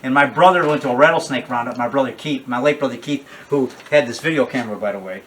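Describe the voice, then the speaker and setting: A man's voice: medium pitch, quick pace, a bit bright, far from the mic, a little hiss or hum. An older man, a horror filmmaker, talking casually in a rambling, digressive way with many restarts and asides.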